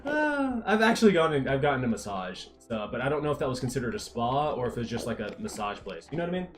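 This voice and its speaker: A man's voice: medium pitch, sing-song, quick pace. Texan guy rambling on a stream, mild accent, kinda chatty, faint music behind. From Texas, USA. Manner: rambling, many restarts and fillers. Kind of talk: casual live-stream chat.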